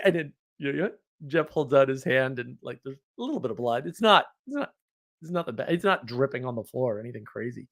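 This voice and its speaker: A man telling an anecdote in a casual monologue, animated, often laughing and full of fillers and restarts. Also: medium pitch, brisk, creaky. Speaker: host.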